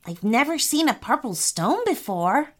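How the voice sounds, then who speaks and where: A woman's voice: high voice, big pitch swings, measured pace, exaggerated voice. A woman voicing a brave boy, the older brother, earnest and protective. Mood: calm.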